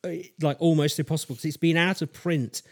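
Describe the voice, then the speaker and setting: A man's voice: fairly high pitch, fairly even intonation, a little mellow. Rambling man telling a story. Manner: rambling, halting, with fillers and restarts. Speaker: podcast host. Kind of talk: casual chat, storytelling.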